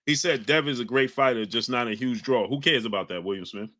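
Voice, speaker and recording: Ny guy on a livestream, bright pushy voice, heated, shouting out chat names. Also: mid-range voice, fairly quick. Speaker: livestream host reading chat. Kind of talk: heated live-stream talk.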